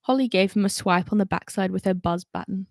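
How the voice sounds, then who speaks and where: A woman reads a novel aloud at a middle pitch and adds chatty asides between the passages. The sound is close and dry. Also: a little fast, a little mellow, no echo. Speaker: reader. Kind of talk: reading a novel aloud with character voices.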